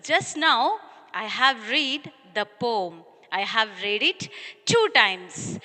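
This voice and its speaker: A woman's voice: high-pitched, pushed and bright, in a large hall. A woman school teacher with an Indian English accent, reading a poem aloud and explaining it patiently to young children. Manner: patient, speaks to children as "dears". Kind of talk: online class lesson, reading a poem aloud.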